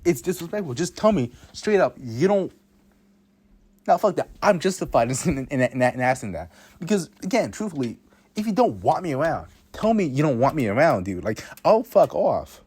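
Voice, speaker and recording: A man's voice: on the high side, big pitch swings, moderate pace, darkish tone, slightly rough, no echo. A teenage boy telling a rambling, self-mocking story about his own life, swearing often and restarting his sentences. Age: teens. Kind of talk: casual storytime monologue.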